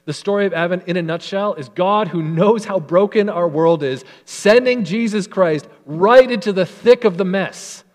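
A male pastor delivering an earnest, emphatic sermon in a fairly high voice. He slows down and softens when he reads scripture, and a long hall reverb trails behind his words.

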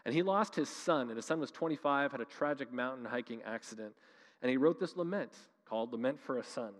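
A man's voice: mid-range voice, expressive, fairly quick. Earnest male pastor preaching in a reverberant hall. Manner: earnest, conversational preaching with emphatic rises. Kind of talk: sermon.

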